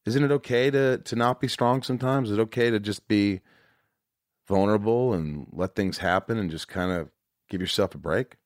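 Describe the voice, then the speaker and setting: A man's voice: on the low side, moderate pace, no room sound. A man hosting a podcast in casual chat, talking earnestly and profanely with many restarts, on a studio mic. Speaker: podcast host.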